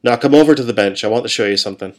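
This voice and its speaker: Man doing a quiet, weary fisherman dad. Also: medium pitch, rapid-fire, close to an everyday voice. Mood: earnest. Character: weary fisherman father, gentle and serious.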